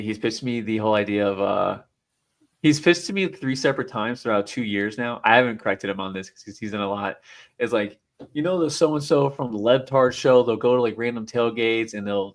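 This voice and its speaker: A man's voice: lowish voice, vocal fry. A man co-hosting a sports podcast, chatting casually in a joking, offhand way. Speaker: podcast co-host. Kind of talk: casual chat.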